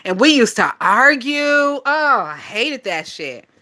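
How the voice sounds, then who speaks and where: A woman's voice: a little high, sing-song, slow pace, sharp tone. A woman in her twenties with a Southern US accent, chatting casually on a phone livestream, swearing and laughing often as she gossips. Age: 20s.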